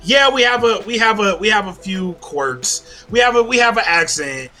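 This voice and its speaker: Man, podcast host, lively swinging delivery, bright forceful tone, profane rant. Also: high voice, normal speed, soft background music. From Louisiana. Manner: animated ranting, heavy swearing. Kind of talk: casual chat.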